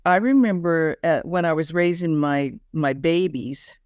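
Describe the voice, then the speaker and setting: Smooth-voiced woman co-hosting a podcast. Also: low voice, unhurried, dry recording, clean studio sound. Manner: animated, frequent self-restarts. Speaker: podcast co-host. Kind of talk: unscripted spiritual wellness chat.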